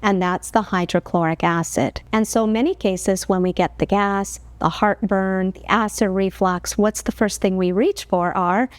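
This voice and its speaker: A woman's voice: mid-range voice, fairly even intonation, unhurried, hardly any pauses, no echo. A woman health educator explaining digestion as a talk-show guest, in an earnest, explanatory way with rhetorical questions. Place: television studio.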